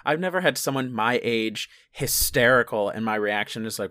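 Wry co-host with a bright voice and a lively pitch swing, dry close recording, chatting about a film. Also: no echo. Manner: halting, self-correcting, wry. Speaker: podcast co-host. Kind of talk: casual movie recap chat.

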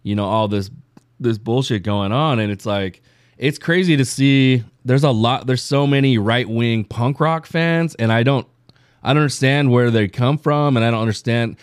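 A man's voice: mid-range voice, normal speed, smooth, dry recording, clean studio sound. A man hosting a podcast, chatting casually and enthusiastically with his guest. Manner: laid-back, enthusiastic fan talk with laughs. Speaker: podcast host. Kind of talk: casual interview chat.

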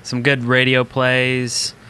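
A man's voice: medium pitch, completely flat delivery, slow, noisy background. A man co-hosting a podcast in casual, enthusiastic, jokey chat. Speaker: podcast co-host.

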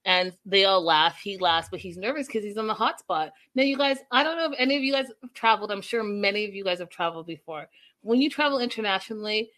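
A young adult woman hosting a casual livestream recap, chatting with viewers and acting out quotes in an animated way. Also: mid-range voice, fast. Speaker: show recap host.

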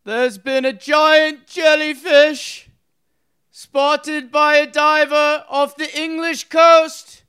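A man voicing a grand, theatrical male Roman orator who declaims slowly and loudly in a raised voice. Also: level tone, exaggerated voice. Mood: grandly declaiming. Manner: slow, high, declaiming proclamation. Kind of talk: mock-heroic comedy bit.

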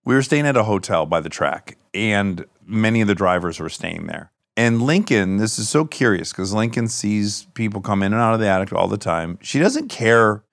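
Low-pitched male host, animated storyteller who swears freely, dry close sound. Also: vocal fry, no room sound. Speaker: podcast host. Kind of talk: casual chat.

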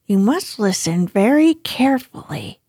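A woman voicing a brisk, bossy male rabbit who is hatching a plan, in a storybook reading. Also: medium pitch, big pitch swings, mellow, slightly rough, no echo, clean studio sound, full character voice.

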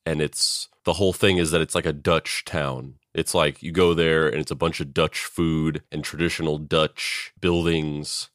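Deep-voiced rambling podcast co-host man. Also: no echo, clean studio sound. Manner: rambling, swears, animated when telling stories. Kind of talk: casual chat.

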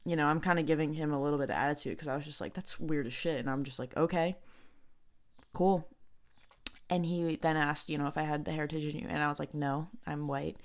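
Young woman, podcast host, slightly low voice, casual storytelling, lots of fillers and restarts. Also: steady tone. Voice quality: heavy use of filler "like", halting restarts.

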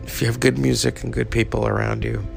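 Gravelly-voiced man hosting a podcast. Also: mid-range voice, flat delivery, music in the background. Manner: reflective, unhurried storytelling. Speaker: podcast host. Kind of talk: casual spoken tribute.

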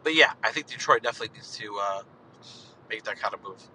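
A man's voice: fairly low pitch, quick pace, bright, forceful tone, a little hiss or hum, poor audio. A man hosting a solo sports podcast, talking casually in a rambling, digressive way and asking himself rhetorical questions. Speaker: podcast host.

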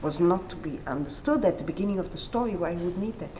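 A woman discussing literature in conversation, animated and acting out quoted dialogue. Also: on the low side, fast talker, a little hiss or hum. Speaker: literature commentator. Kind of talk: conversational explanation.

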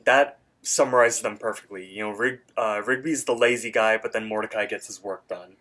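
A man's voice: lowish voice, steady tone, fairly quick, a bit bright. A man co-hosting a casual podcast, recapping a cartoon episode in a rambling, filler-heavy way and acting out character lines. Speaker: podcast co-host.

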